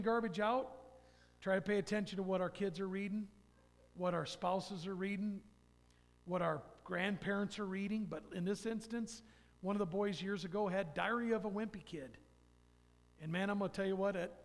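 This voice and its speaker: A man speaks in a fairly high, gravelly voice as he shares an earnest personal testimony. His storytelling carries a long reverb from a church sanctuary.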